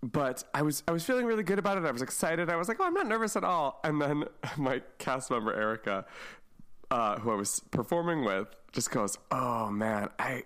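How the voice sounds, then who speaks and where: A man's voice: medium pitch, moderate pace, fairly bright tone. A young man co-hosting a podcast in casual chat, bawdy and playful, laughing often. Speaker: podcast co-host.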